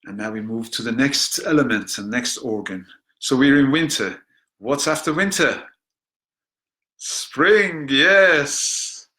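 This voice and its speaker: A man leads a guided healing meditation in a bright, forward voice pitched in an ordinary middle range. He speaks gently and without hurry, easing into soft affirmations, then turns chatty and light-hearted between exercises. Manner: gentle and unhurried, softening to near-hushed affirmations, with chatty joking asides.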